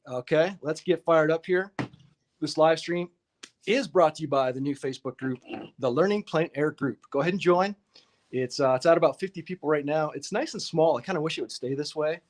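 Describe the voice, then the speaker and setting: A man hosting a casual live-stream painting lesson, chatty and upbeat, greeting viewers in the chat by name. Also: on the high side.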